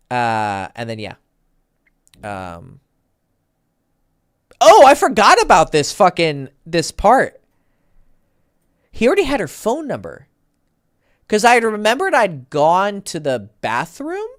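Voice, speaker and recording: A man's voice: a little high, a bit bright, no echo, clean studio sound. Rambling, profane male dating coach. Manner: rambling, profane, self-correcting. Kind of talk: casual storytelling.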